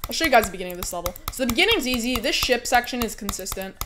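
A woman's voice: a little high, animated, very fast, background noise. A young woman streaming a game, chatting casually and talking through her run. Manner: chatty, bursts into squealing protests and laughter. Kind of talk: casual live-stream commentary while playing.

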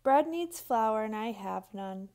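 A woman voicing an eager small female squirrel in a storybook, her voice rising high when thanking. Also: lively intonation, takes it slowly, a little mellow. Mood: glum.

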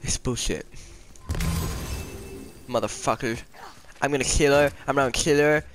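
A man's voice: mid-range voice, steady tone, a little slow, poor audio. A young man playing a game on camera, whining and swearing in constant outbursts. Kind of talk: raging gameplay commentary. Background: game music.

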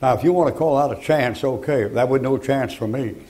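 A man's voice: medium pitch, fairly quick, mellow, rough recording. An older man preaching a fiery sermon in a folksy, blunt, emphatic way. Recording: archival sermon recording.

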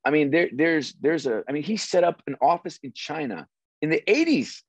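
A middle-aged man, a former sports executive, telling stories as an interview guest in an animated, restarting way. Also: fairly high pitch, moderate pace, slightly rough, dry recording. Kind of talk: casual interview storytelling. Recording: dry, slightly dull audio.

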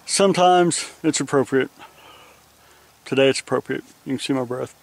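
A man's voice: mid-range voice, moderate pace, gravelly. A man traveling by motorcycle, talking to a handheld camera from a roadside guardrail in the rain, weary and venting as he rambles. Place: roadside guardrail outdoors in the rain, traffic passing. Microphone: handheld camera held close.

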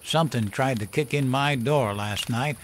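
A man voicing a gruff old male storyteller who drinks, talking in a folksy, profane, chuckling way. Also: medium pitch, moderate pace, slight background noise, voice pushed up, lightly acted. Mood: gruff storytelling.

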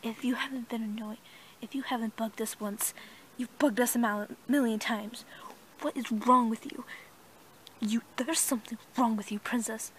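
A woman's voice: on the high side, steady tone, fairly quick, hardly any pauses, slight background noise, lightly acted, low-quality recording. A woman voicing a grumpy female horse who scolds a stablemate in a snippy whispered role-play. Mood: scolding.

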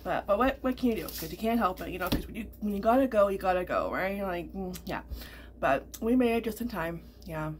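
A woman's voice: mid-range voice, lively intonation, brisk, slight background noise. A middle-aged woman vlogger chatting casually, rambling with lots of fillers and repeats. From Canada. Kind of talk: casual chat.

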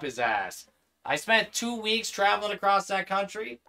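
Bright-voiced man ranting on a livestream. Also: sits high, big pitch swings, normal speed. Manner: profane, heated ranting. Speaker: gaming livestream host. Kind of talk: casual livestream chat.

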